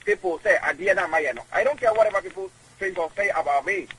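A man with a Ghanaian accent, an interview guest talking in an animated, emotional way, mixing English and Twi. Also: high-pitched, quick pace, slightly rough, low-quality recording.

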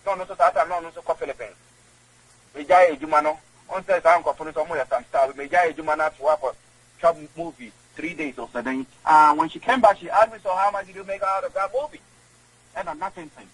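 A man's voice: a little high, fast talker, fairly bright tone, breathy edge, poor audio. A Ghanaian man being interviewed, rambling and emphatic, often repeating himself. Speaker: guest. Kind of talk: casual interview chat.

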